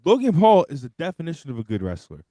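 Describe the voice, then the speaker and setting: A young man, talking in an animated and profane way as he co-hosts a wrestling review. His voice runs a little high and swings widely in pitch. It sounds dry and close, with no room around it. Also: fast, no echo. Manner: animated, profane, rambling with restarts. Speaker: wrestling podcast co-host. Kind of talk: casual chat.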